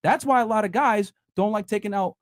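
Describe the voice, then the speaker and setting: A man's voice: high-pitched, a little fast, no room sound, clean studio sound. A man hosting a heated panel debate, blunt and profane, talking over the women around him. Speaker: podcast host.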